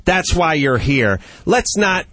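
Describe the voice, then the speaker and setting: A male radio host in full rant, loud and heated as he works himself up. His voice sits a bit high for a man. He comes across animated and fired up. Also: takes it slowly, no room sound. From Southern California.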